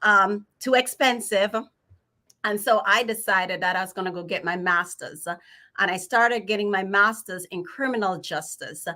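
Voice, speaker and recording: A woman's voice: mid-range voice, normal speed, bright, forceful tone. A middle-aged woman from Jamaica with a Jamaican accent, a financial planner telling her story in a friendly way as a livestream guest. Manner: friendly storytelling, filler uhs. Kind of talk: casual livestream chat.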